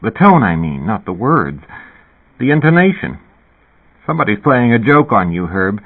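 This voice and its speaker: Man doing a calm reasonable woman, bit higher voice, phone-tinny. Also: moderate pace. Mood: amused. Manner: calm, reasonable, lightly pitched-up. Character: calm, devout, teasing young woman. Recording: tinny phone-like radio sound.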